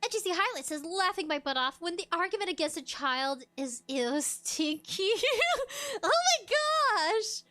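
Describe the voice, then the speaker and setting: High, bright, giggly woman streamer. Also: moderate pace, hardly any pauses. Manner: giggly, animated, laughs often. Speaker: VTuber streamer. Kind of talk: casual livestream chat, reacting to a video.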